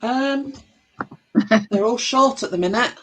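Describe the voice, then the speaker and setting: A middle-aged woman chatting casually on a live stream, relaxed, a little hesitant and giggly. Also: fairly high pitch, slow, poor audio. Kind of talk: casual chat.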